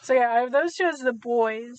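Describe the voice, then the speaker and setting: A woman co-hosting a podcast in casual chat, talkative and quick to laugh. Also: fairly high pitch. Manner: chatty, laughs easily. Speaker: podcast co-host.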